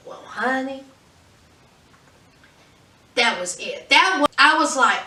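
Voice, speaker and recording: High, bright woman vlogger, sassy and chatty, echoey room. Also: animated, takes it slowly, pauses often. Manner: chatty, sassy, says "honey". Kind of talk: casual pop-culture commentary. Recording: roomy echo, distant mic.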